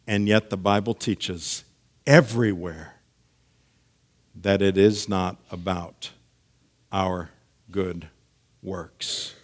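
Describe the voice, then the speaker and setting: A man preaching a sermon, teaching with measured delivery that swings between hushed lines and emphatic stresses. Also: deep voice, steady tone. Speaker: pastor.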